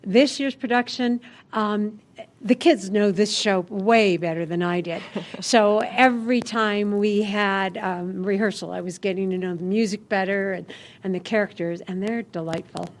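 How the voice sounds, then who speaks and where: A woman's voice: medium pitch, steady tone, normal speed. A woman, a school drama club director, chatting cheerfully in a local TV morning interview and laughing often. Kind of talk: casual TV interview.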